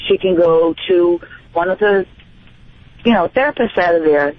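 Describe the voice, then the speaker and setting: A woman's voice: on the low side, normal speed. A woman calling a radio show, indignant and full of hesitations and fillers. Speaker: caller. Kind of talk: phone-in call. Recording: dull phone line.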